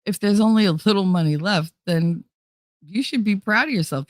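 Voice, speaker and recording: A woman's voice: normal speed, no echo. Brash swearing woman streamer, dry sound. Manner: swearing, laughing, swings high and low in pitch. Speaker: streamer host. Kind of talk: casual livestream chat. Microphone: desk microphone.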